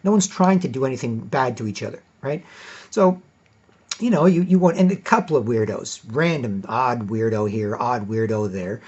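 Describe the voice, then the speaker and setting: A man's voice: mid-range voice, moderate pace, darkish tone. A man delivering a rambling, profane monologue, acting out the exchanges he quotes. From Canada. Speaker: commentator. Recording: dull lo-fi recording.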